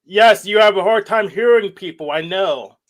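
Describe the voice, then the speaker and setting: A man calling into a livestream who talks fast and needles the host with sarcastic jabs. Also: high-pitched. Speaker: guest caller. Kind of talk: heated livestream argument.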